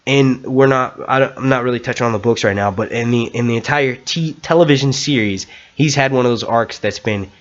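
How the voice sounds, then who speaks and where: A man's voice: medium pitch, lo-fi sound. Rambling man hosting a live stream. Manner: rambling, swears, restarts sentences. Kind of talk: casual live-stream chat.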